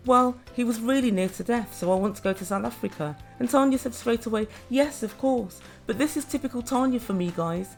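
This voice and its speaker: A woman with a fairly high voice recaps a reality show in a chatty, judgmental way, speaking directly to her viewers. Soft music plays quietly behind her. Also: a little fast, vocal fry, few pauses. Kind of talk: opinionated recap commentary.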